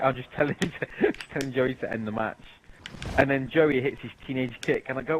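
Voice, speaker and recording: A man's voice: medium pitch, fairly quick, a little hiss or hum, low-quality recording. A young British man casually telling stories while playing a game, laughing often and swearing freely. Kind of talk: casual chat over gameplay.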